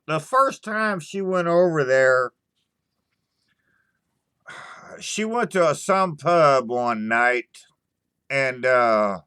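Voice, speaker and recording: Slow, bright-voiced man rambling at stream chat. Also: mid-range voice, clear, resonant tone, no room sound, clean studio sound. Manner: halting, stammering restarts, frequent swearing; slow, sighing storytelling. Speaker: livestream host answering chat.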